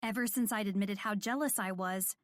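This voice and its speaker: A woman's voice: mid-range voice, a little fast, dry recording, studio quality. A woman narrating a romance audiobook in first person, in a smitten storytelling manner.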